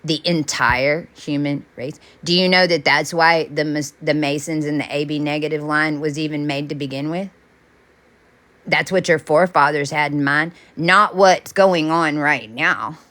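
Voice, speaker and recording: A woman's voice: low-pitched, moderate pace, fairly bright tone. A woman delivering a rambling spiritual monologue as a self-styled channeler, intense, repetitive and often profane.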